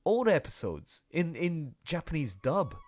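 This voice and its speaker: A chatty man rambling casually while streaming his artwork. His voice has a lively, bouncy pitch. Faint background music runs underneath. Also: moderate pace. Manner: rambling and chatty, full of fillers and asides. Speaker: artist streaming while drawing. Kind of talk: casual chat on a livestream.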